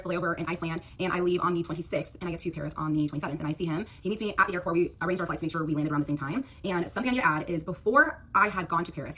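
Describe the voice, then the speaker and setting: A young TikTok storyteller rambles through a storytime monologue about her own dating experience, quoting what the other person said and using lots of fillers. Her voice is on the low side, fairly bright and slightly rough.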